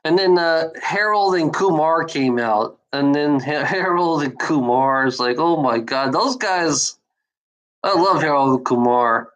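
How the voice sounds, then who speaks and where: A woman's voice: sits low, lively intonation, a little slow, rough recording. A woman in a casual rambling monologue, swearing freely and often breaking into laughter.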